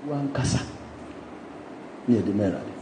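A man's voice: lowish voice, animated, moderate pace, echoey room, noisy background. A man with a Ghanaian accent preaching a sermon in a playful, laughing way, mixing English phrases into his talk.

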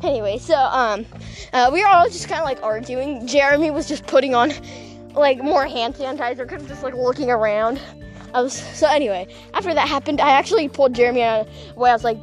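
A high-pitched young woman talking casually on her podcast. She rambles and giggles through her stories, often poking fun at herself. Faint music plays behind her. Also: a little fast. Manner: giggly, rambling, self-mocking. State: voice cracking, dehydrated. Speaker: podcast host.

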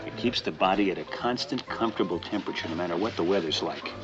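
An actor playing a sly wartime army doctor, speaking smoothly and conspiratorially in a 1970s TV sitcom scene. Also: male voice, low-pitched, quick pace, close to an everyday voice. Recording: dull old TV clip under music.

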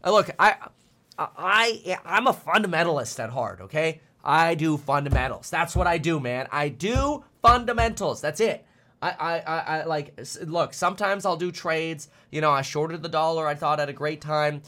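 A man's voice: a little high, normal speed, sharp tone. A man streaming finance commentary, ranting bluntly and fired up, often stumbling over repeated words.

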